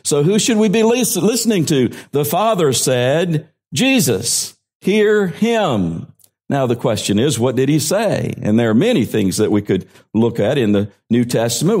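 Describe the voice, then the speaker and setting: A man preaching from the pulpit, his voice at an ordinary middle pitch. He reads scripture aloud and explains it verse by verse. He slows down and lifts his voice on the words he wants to stress. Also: darkish tone. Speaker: pastor. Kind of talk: sermon.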